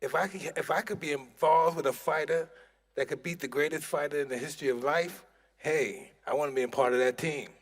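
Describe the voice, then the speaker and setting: A man speaking as a boxing trainer in an interview, rambling and halting. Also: a little high.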